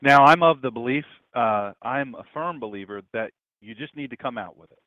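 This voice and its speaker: A man's voice: medium pitch, lively intonation, moderate pace, no room sound. Man preaching over a tinny, dry line. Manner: dramatic swings between loud and hushed. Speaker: pastor. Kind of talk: sermon storytelling.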